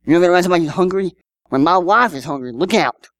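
A man's voice: sits high, lively intonation, racing, fairly bright tone, no echo. A man, preaching a sermon in a conversational style with rhetorical questions and personal stories. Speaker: pastor.

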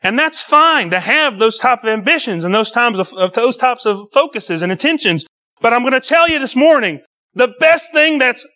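High bright-voiced preaching man. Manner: preaching with swings between loud emphasis and low quiet delivery. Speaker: pastor. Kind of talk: sermon.

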